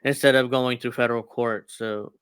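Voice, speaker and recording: A man with a smooth, clear voice, chatting casually on a podcast. He hesitates and laughs a lot, and the recording is close and dry. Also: medium pitch, fairly even intonation, moderate pace, fairly bright tone, dry recording. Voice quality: hesitant, lots of fillers and laughs. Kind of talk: casual chat.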